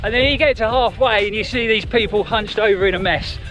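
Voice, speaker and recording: A man's voice: high voice, brisk, fairly bright tone. A man giving casual, encouraging running advice to camera as a vlogger. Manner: chatty and encouraging. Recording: music playing behind.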